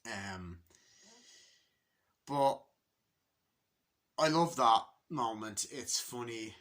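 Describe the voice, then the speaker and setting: A man's voice: mid-range voice, lively intonation, very slow, fairly bright tone. A man giving a casual, rambling film review, enthusiastic and full of swearing and restarts. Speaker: movie reviewer.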